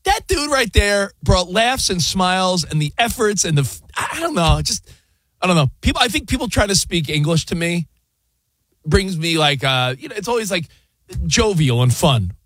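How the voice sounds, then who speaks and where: A man's voice: high voice, moderate pace, dry recording. A man co-hosting a sports radio show, rambling in casual banter with plenty of fillers. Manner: animated, rambling, with lots of fillers and sound effects. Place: radio studio. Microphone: studio mic.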